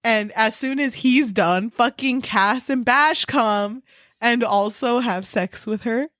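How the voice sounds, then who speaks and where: A young woman co-hosts a casual book podcast with a fairly high voice, swearing freely and throwing herself into acted-out scenes. The sound is dry and close, with no room in it. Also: takes it slowly, no echo. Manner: animated, swearing, acts out characters in big voices. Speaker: podcast co-host. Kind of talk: casual chat about books.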